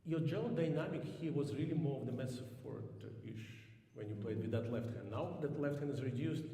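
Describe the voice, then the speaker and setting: A man coaching a piano student in a master class, thoughtful, clearing his throat often and singing phrases to show them. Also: mid-range voice, brisk, dark tone, very echoey, in a large hall.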